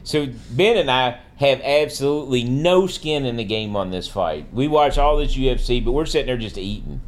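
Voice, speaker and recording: A man's voice: mid-range voice, normal speed. A middle-aged man, a podcast guest, telling stories in a casual chat and acting out his friends. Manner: animated storyteller, mimics loud friends.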